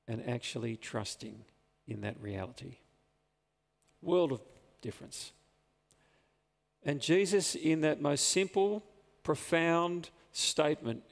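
A pastor delivers an earnest sermon in a gravelly voice, drawing out key words for emphasis. His voice rings with the long reverb of a church hall. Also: medium pitch, animated, a little slow.

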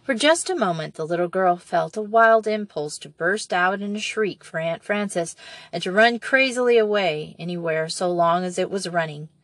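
A woman reading a children's novel aloud as an audiobook narrator, in a measured and expressive way. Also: on the low side, no echo.

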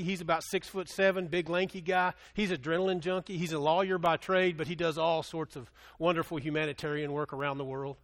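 Male pastor, high voice, animated sermon storytelling, loud bursts then hushed. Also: a little fast, hardly any pauses.

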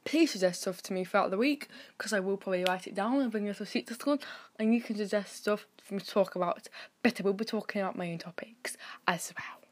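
A British teenage girl hosting her own podcast, rambling and sarcastic, with sudden jumps in loudness. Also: medium pitch, quick pace. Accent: British English. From Britain. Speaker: podcast host. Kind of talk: casual solo podcast chat.

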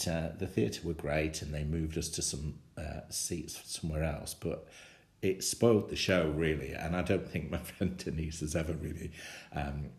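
Man, very deep voice, personal anecdote, animated storytelling, frequent chuckles, echoey room. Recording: roomy echo.

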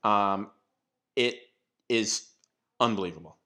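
A man's voice: lowish voice, takes it slowly, pushed and bright. A man hosting a casual chat, telling stories in a rambling way, with lots of fillers, restarts and casual swearing.

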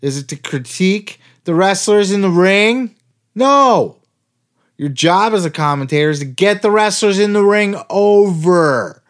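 A man's voice: high-pitched, animated, measured pace. A man hosting a podcast, ranting in a heated, sarcastic way and swearing constantly. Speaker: podcast host. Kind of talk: profane ranting podcast commentary.

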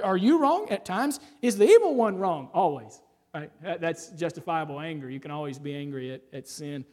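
Preaching as a pastor, a man poses rhetorical questions to his congregation and tags them with "right?", shifting between loud emphasis and quiet asides. His voice is high, and a long reverb tail follows it.

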